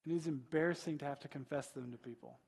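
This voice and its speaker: A man's voice: on the high side, quick pace, creaky, a little mellow, husky, long reverb tail. A male pastor preaching a conversational sermon, asking rhetorical questions and often adding "right?".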